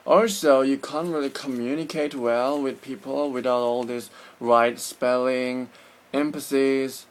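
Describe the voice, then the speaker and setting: A Korean man with a Korean accent talks through his opinions in an unhurried, deliberate way. He sounds earnest and sure of his views, pausing and restarting as he hunts for the right words. His voice sits at an ordinary middle pitch for a man. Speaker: vlogger. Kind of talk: casual opinion monologue.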